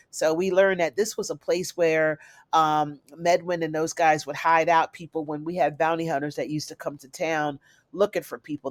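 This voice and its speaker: A woman's voice: deep voice, dry recording. Chatty woman recapping a TV episode, dry sound. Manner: chatty, addresses viewers as y'all and honey. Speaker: TV recap reviewer.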